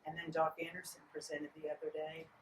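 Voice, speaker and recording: A woman's voice: low voice, a little fast, reverberant. A middle-aged woman running for office, speaking earnestly and pleading with listeners in an interview. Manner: earnest, pleading, quotes people in lively voices. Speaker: political candidate. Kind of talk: campaign interview. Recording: distant mic with faint noise.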